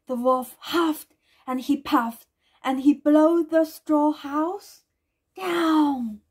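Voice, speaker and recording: Slow, high-voiced woman reading a storybook. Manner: gentle read-aloud with small slips and restarts. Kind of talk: reading a children's storybook aloud.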